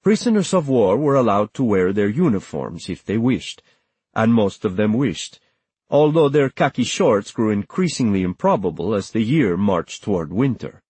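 Husky-voiced man narrating an audiobook. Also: lowish voice, sing-song, moderate pace, a little mellow, dry recording. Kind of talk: scripted narration.

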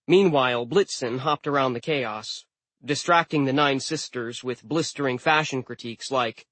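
Reading a first-person novel aloud, this male narrator keeps an even, mid-pitched voice at normal speed. His scripted delivery is deadpan with a wry edge, and the close, dry recording has no echo.

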